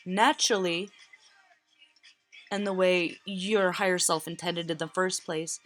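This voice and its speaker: A woman reads tarot cards in an earnest, emotional voice that sits a little low. She repeats phrases for emphasis and sounds close to tears. Soft music plays faintly behind her. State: near tears. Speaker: tarot reader. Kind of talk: tarot reading.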